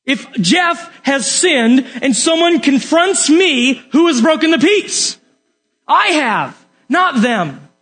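Young man, Bible teacher, high voice, animated, questioning the listeners. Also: slow pace. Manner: animated, questions the audience, laughs often. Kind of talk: Bible lesson with outline.

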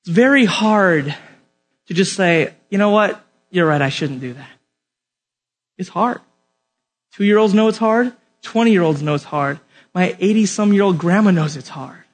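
Young man, Bible teacher, high voice, animated, questioning the listeners. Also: a little slow, long pauses. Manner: animated, questions the audience, laughs often. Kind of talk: Bible lesson with outline.

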